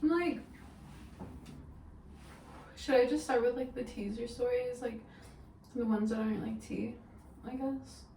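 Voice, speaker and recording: A woman's voice: a little high, unhurried, long pauses, dark tone, roomy sound, recorded from a distance, a little hiss or hum, rough recording. Chatty young woman, rambling storytime vlog. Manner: chatty, rambling, full of "like" and "literally". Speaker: vlogger.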